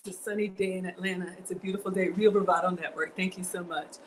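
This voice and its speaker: A woman's voice: on the low side, steady tone, quick pace, slight background noise, low-quality recording. A woman, cooking at home on a livestream, chatting and thanking her viewers. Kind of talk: casual livestream cooking chat. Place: home kitchen.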